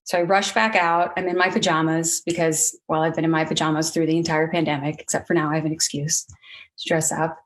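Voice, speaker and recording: A woman sharing a personal story before an audience in a relaxed, conversational way. She is earnest and openly emotional, laughing through tears at times. She fills her pauses with plenty of ums. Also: fairly low pitch.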